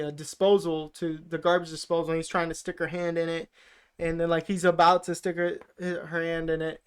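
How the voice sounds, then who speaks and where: Smooth-voiced man rambling a movie recap. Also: on the high side. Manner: rambling, filler-heavy retelling. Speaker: podcast co-host.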